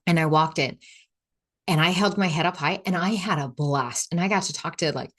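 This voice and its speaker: A woman's voice: deep voice, moderate pace, fairly bright tone. A woman hosting a solo podcast, chatting in a casual, reflective way and often saying "like". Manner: chatty, lots of "like", acts out quoted inner voices. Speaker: podcast host.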